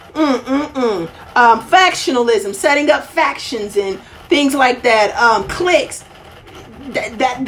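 A woman's voice: high voice, fairly bright tone, a little hiss or hum. A woman preaching a fervent sermon, repeating phrases and calling out hallelujah. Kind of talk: sermon broadcast.

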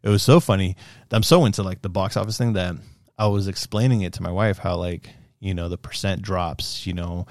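A young man casually reviewing a movie, rambling and animated, with fillers and swearing. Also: low-pitched, a little fast, dry recording, clean studio sound.

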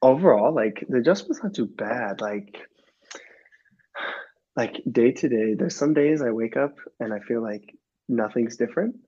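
Give me a husky young man from Minnesota, loose and rambling. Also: mid-range voice, animated, measured pace, dark tone, lo-fi sound. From Minnesota, USA. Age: 20s. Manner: loose and rambling, many restarts. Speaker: guest, professional soccer player. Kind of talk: casual podcast chat.

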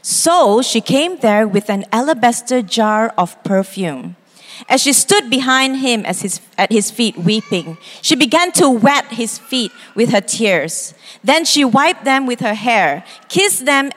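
A woman, preaching a sermon as pastor, expressive and quick to act out voices. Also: on the high side. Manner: expressive, acts out quoted voices, laughs easily. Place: church hall. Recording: long reverb in a church hall.

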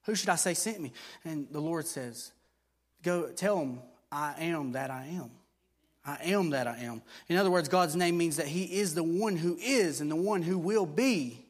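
A man's voice: fairly high pitch, normal speed. A man preaching a sermon, explaining things in a conversational teaching way with fillers and restarts, then building to emphatic repeated declarations.

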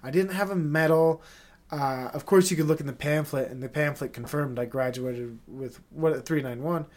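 A man's voice: a little high, normal speed, a little mellow. A young man hosting his own podcast, talking alone in a rambling, profane and emotional confessional way. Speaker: podcast host. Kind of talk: casual solo monologue.

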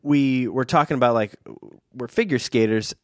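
A man's voice: mid-range voice, normal speed, no echo, clean studio sound. A young adult man telling a long family story in casual chat, rambling with fillers and restarts.

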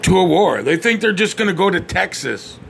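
A man's voice: sits high, big pitch swings, normal speed, vocal fry, a bit bright, slight background noise. A blunt, profane man ranting on his podcast, often stammering and restarting. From United States. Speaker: podcast host. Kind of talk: opinionated podcast rant.

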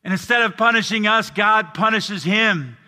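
Older male pastor, bright high voice. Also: moderate pace, big-room sound. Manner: earnest preaching that drops soft and low, then rises to emphatic lines. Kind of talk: sermon. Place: church.

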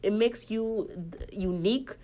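A woman's voice: a little high, measured pace, darkish tone. A young woman with a Kenyan accent, talking candidly in a casual podcast monologue and switching freely between Swahili and English.

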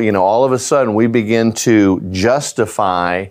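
A middle-aged man preaching a sermon in a lowish voice. He reads scripture at a slow, careful pace, then explains it plainly. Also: a little mellow. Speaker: pastor.

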